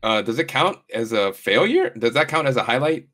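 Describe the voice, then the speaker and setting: A man's voice: medium pitch, sing-song, brisk, a bit bright. A man co-hosting a casual wrestling recap podcast, talking eagerly and agreeing emphatically. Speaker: podcast co-host.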